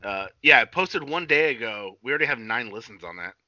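A man's voice: medium pitch, animated, brisk, bright, forceful tone, no echo, lo-fi sound. A man co-hosting a casual podcast, loose and profane, joking around and calling his friend buddy. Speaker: podcast co-host.

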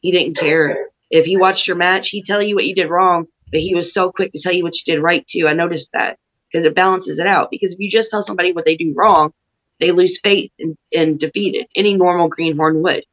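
A woman pro wrestler appears as a guest on a podcast, talking earnestly and thoughtfully in a casual way. Her audio is muffled and lo-fi, with the highs cut off. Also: steady tone, fairly quick, a bit bright. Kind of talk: casual interview talk.

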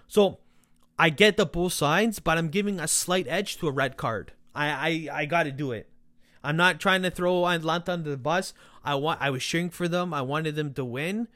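A man on a football podcast rants in a somewhat high voice, sarcastic and cursing as he talks straight at the players. His voice sounds worn from yelling, recorded close and dry with no room around it. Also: no room sound. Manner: ranting, sarcastic, swears, talks to the players directly. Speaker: podcast host. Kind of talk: casual football rant.

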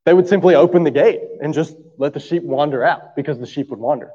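A man's voice: fairly high pitch, fast, dark tone, big-room sound, highs cut off. Male pastor preaching a conversational sermon. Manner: conversational, asks the room for agreement often. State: coughing from allergies.

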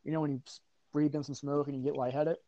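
A man's voice: a little high, little pitch movement, fast talker, no room sound, dull audio. A man chatting casually with friends on a podcast, blunt and profane, often trailing off mid-sentence. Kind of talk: casual chat.

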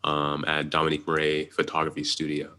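A man from the Pittsburgh area, a podcast guest chatting casually and quickly, running his words together. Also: rumbling low, completely flat delivery, pushed and bright. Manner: talks fast, runs words together. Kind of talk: casual chat.

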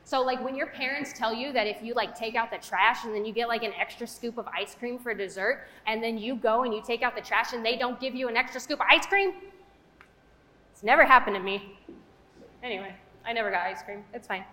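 A young woman with a fairly high voice preaches in a relaxed, conversational way, peppering her talk with fillers. Her voice rings out in a roomy hall with a long, trailing reverb. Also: a little fast. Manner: chatty, conversational, with frequent fillers. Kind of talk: casual sermon.

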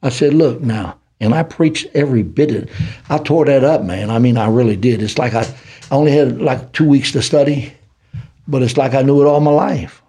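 An older man with a Southern US city accent, telling his life story as a podcast guest in a preacherly, animated way. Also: mid-range voice, fairly quick, breathy edge. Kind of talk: storytelling testimony.

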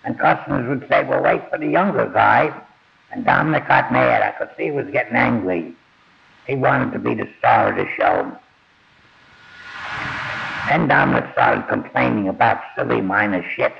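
Gravelly older man telling old stories. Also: fairly low pitch, wildly swooping pitch, moderate pace. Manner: plain-spoken, blunt, swears casually. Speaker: storyteller. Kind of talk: first-person memoir storytelling. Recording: dull lo-fi audio.

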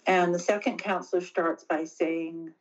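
Middle-aged woman telling her story, halting. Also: fairly low pitch, fairly even intonation, lo-fi sound. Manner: earnest, halting with frequent restarts. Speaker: interview guest. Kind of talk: personal storytelling in conversation.

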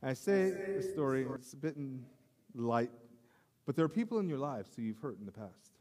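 A man's voice: medium pitch, sing-song, darkish tone. Man preaching in an echoing hall. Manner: conversational storytelling, self-deprecating, halting repetitions. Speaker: pastor. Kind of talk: sermon. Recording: long hall reverb.

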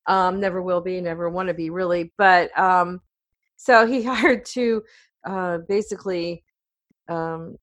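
Speaking with a lowish, steady voice at a measured pace, this middle-aged woman is a podcast host appearing as a guest. The casual interview chat finds her rambling and talkative, laughing often.

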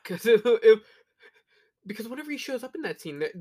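A young man co-hosting a podcast who tells animated stories and swears a lot. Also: very high voice, brisk. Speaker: podcast co-host. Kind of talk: casual crude banter.

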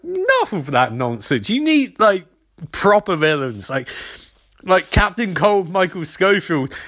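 High, bright young man ranting. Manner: animated, swears freely, acts out quotes. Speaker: TV episode reviewer. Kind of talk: casual recap with jokes.

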